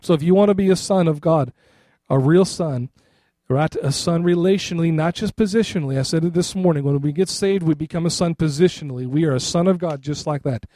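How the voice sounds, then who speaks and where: With a warm, fairly high voice and a fairly quick pace, a middle-aged pastor gives a conversational sermon, often checking in by asking the congregation "right?" The recording is studio quality with no room sound.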